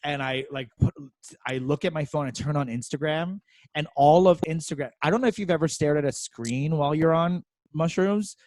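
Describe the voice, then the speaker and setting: A man's voice: fairly high pitch, normal speed, a little mellow, no echo. A young man co-hosting a comedy podcast, telling a story in casual chat, laughing often and acting out quotes in exaggerated voices.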